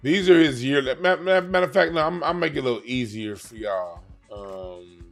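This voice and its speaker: A man at a mid pitch gives a card reading in loose, casual talk. He leans hard on points, repeats himself and drops slang, while faint music sits underneath. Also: moderate pace, vocal fry, fairly bright tone. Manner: emphatic, repetitive, slangy, restarts phrases. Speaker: card reader. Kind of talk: casual explainer monologue.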